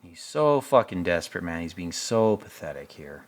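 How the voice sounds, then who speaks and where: A man's voice: low-pitched, very animated, normal speed. Sarcastic, profane male show commentator. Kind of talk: casual episode commentary.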